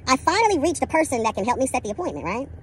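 A woman's voice: sits high, very animated, rapid-fire, slight background noise. A woman telling a story as a casual vlog rant, sassy and profane, dramatic, calling the listener "girl" again and again. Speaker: vlogger.

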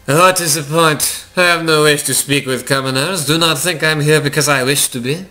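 A man's voice: on the high side, moderate pace, bright, forceful tone, faint music behind. A man voicing a stuck-up young male transfer student with a sighing, haughty, mock French delivery. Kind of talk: game dialogue read aloud.

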